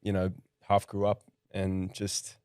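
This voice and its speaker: Young male guest, low-ish voice, laid-back halting chat, dry close mic. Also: smooth, dry recording. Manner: relaxed, halting with restarts. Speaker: guest musician. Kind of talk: casual podcast chat.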